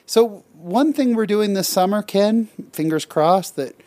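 Lively middle-aged man telling stories. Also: high-pitched, a little slow, no room sound. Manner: animated storyteller who laughs often. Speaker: podcast co-host. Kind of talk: casual chat.

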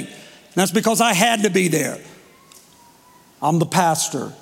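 A man preaching as pastor, telling a personal story emotionally with dramatic pauses. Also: high-pitched, expressive, gravelly. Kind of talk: testimony sermon. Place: church sanctuary. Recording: long hall reverb.

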